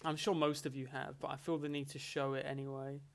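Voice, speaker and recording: A man's voice: mid-range voice, a little fast, creaky. A man chatting casually and jokily as host of a live-stream Q&A. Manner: animated, chatty, jokey banter with chat. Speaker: streamer hosting a Q&A.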